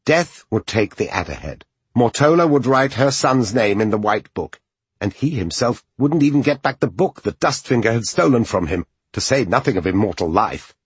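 A man reading an audiobook as its narrator, in expressive, measured storytelling. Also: on the low side, slightly rough, no room sound.

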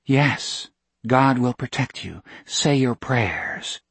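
A man gives voice to a quiet woman missionary doctor in an audiobook, speaking softly with each syllable carefully weighed. The delivery is very slow and a little husky, in a dry, close sound. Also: medium pitch, animated, no echo, heavily acted. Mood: calm.

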